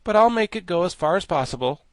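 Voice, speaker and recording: A man's voice: sits high, animated, quick pace, no room sound, pitched above the performer's own voice. A man voicing an anxious, earnest young boy in a storybook reading, with a nervous, raised voice.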